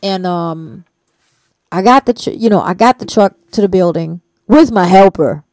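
Woman chatting loosely, lots of um and like, cusses a lot, kinda low pitched, dry sound. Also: normal speed, a little mellow, no room sound. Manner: rambling, swears freely, many fillers; slangy, hesitant. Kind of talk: casual conversation.

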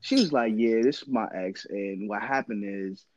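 A man's voice: fairly low pitch, normal speed, darkish tone. A man tells a story to friends in loose, slangy talk and acts out the voices as he goes. The recording is dull and lo-fi, and it sounds dry with no room echo. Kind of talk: casual storytelling chat.

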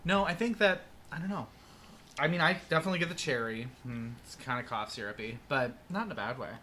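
A man's voice: a little high, fast, noisy background. A man co-hosting a podcast in casual chat, campy and theatrical, swearing freely. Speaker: podcast co-host.

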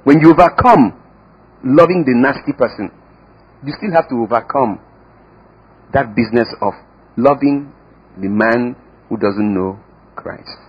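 Emphatic husky-voiced male preacher. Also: measured pace, long pauses, muffled recording. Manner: emphatic preaching with swings in pitch and volume, repeats words. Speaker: pastor. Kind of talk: sermon.

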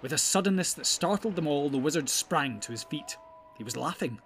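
A man narrating an audiobook in a calm, measured storytelling manner. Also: mid-range voice.

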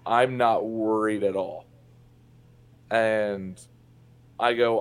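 Speaking extremely slowly with long pauses, this Indiana man has a low, steady voice. As a podcast guest he shares personal stories in a candid, profane way, with many fillers and restarts.

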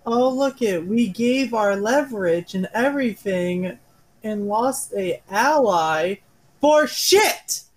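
A player in a casual tabletop game, animated and laughing. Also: mid-range voice, takes it slowly.

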